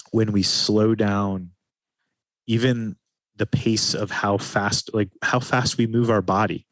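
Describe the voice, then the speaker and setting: A man, a guest in an interview, speaking in a calm, reflective way and often slowing his speech down. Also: low-pitched, no echo. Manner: calm, slows his speech to stress points. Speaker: podcast guest, men's retreat facilitator.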